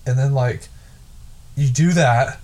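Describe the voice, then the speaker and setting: A man's voice: medium pitch, takes it slowly, a little mellow. A young man co-hosting a casual podcast, talking in a dry, sarcastic way and often trailing off mid-sentence. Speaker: podcast co-host. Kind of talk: casual chat.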